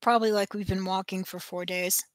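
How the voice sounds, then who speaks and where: A woman's voice: mid-range voice, steady tone, fairly quick, dry recording, studio quality. Woman player with short joking replies. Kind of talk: casual tabletop game chat.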